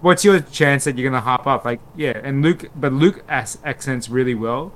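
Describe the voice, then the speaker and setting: A man's voice: mid-range voice, normal speed, rough recording. A man, co-hosting a podcast and telling rambling stories in casual chat. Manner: rambling, animated storyteller. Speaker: podcast co-host.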